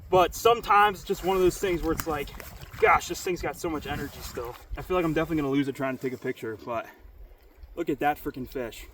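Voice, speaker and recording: A man vlogging while fishing alone, who talks straight to viewers in excitable live commentary and repeats his exclamations. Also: a little high, quick pace. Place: outdoors on a river. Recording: outdoor recording with wind and water noise.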